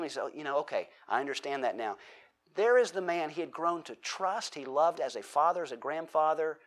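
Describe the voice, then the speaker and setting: Man, sermon teacher, slightly high voice, chatty delivery that questions the crowd. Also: a bit bright. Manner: conversational, asks the audience questions, acts out quotes. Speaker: pastor.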